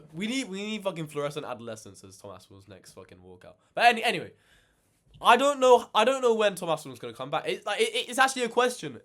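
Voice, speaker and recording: A man ranting in casual reaction commentary, animated and swearing a lot, exasperated. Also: sits high, fast talker. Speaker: reaction channel host.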